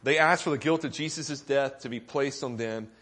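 A man's voice: medium pitch, moderate pace, fairly bright tone. A man preaching a sermon as pastor, earnest and often asking the congregation questions, rising with emphasis at key points.

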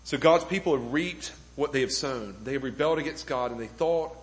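Captured on a low-quality recording, this man's mid-range voice moves briskly as he preaches. He is a pastor addressing his congregation in a church room, driving points home with rhetorical questions.

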